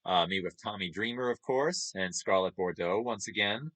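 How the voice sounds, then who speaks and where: A man's voice: fairly low pitch, moderate pace, a bit bright. Chuckling New man. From New York. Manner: chatty, chuckles often, upbeat. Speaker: streamer. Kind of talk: casual chat over photos.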